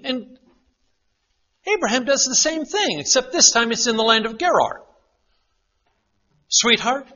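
A man preaching a sermon, shifting between emphatic declarations and hushed retellings. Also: very high-pitched. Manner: dramatic, drops to a hush for quoted lines. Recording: dull lo-fi sound.

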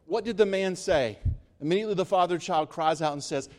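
A man preaching a sermon, emphatic, rising to loud peaks and dropping to slow, quiet stresses. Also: high voice. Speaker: pastor.

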